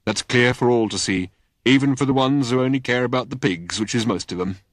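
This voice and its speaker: A man's voice: mid-range voice, fairly quick, no room sound, clean studio sound, natural voice. A man voicing a gloomy, taciturn old male god who talks in terse, clipped phrases. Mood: grim.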